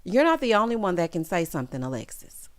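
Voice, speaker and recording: A woman's voice: on the low side, quick pace. A woman giving a sassy, casual recap of a reality show, mimicking the cast as she goes. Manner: sassy, animated, quotes cast members in mock voices.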